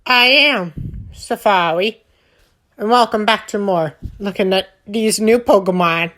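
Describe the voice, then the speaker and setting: A woman's voice: medium pitch, slow, fairly bright tone. A woman hosting a gaming channel, giving a silly, rambling recap of her game with lots of filler sounds. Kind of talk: playful game recap narration.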